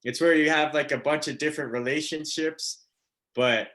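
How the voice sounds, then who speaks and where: A man's voice: fairly high pitch, steady tone, normal speed, fairly bright tone. Rambling man doing stand-up. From Canada. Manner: rambling, filler-heavy, laughing at own jokes. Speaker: stand-up comedian. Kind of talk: stand-up comedy set.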